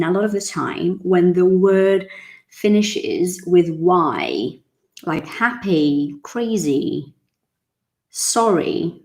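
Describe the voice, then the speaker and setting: A woman, teaching English in a chatty, casual way and repeating words slowly so they can be drilled. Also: low voice, a little mellow. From Brazil. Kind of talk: casual online English lesson.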